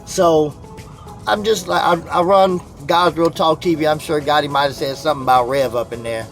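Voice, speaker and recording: A man's voice: fairly high pitch, steady tone, moderate pace, faint music behind. A middle-aged man hosting a casual live call-in talk show, rambling in a preachy way. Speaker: host.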